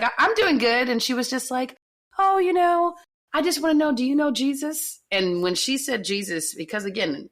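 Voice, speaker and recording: A woman's voice: fairly low pitch, fairly bright tone. A woman telling a personal story on a podcast, in an earnest, emphatic way with repeated phrases.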